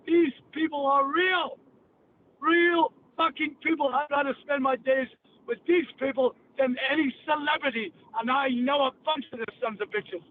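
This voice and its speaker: A brash, profane Cockney man hosting a podcast, telling his stories in a loose, rambling way. His voice sits very high. The sound is thin and phone-like, with a faint hiss underneath. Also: normal speed. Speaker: podcast host.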